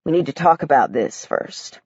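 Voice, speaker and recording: A woman voicing a tired, subdued father who speaks quietly and wearily. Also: sits low, moderate pace, husky, no room sound, highs cut off, pitched below the performer's own voice, exaggerated voice. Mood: weary. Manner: quiet, weary, flat.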